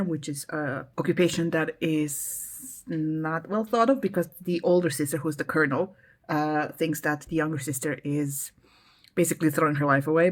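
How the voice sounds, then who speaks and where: A woman hosting a casual book vlog, chatting in a rambling way with frequent hesitations. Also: low voice. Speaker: book vlogger, channel host.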